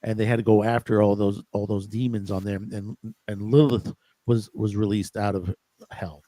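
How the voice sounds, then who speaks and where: A man's voice: lowish voice, flat delivery, mellow, no room sound. Easygoing male podcast co-host, dry sound. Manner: easygoing, agreeable, halting with restarts. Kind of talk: casual chat.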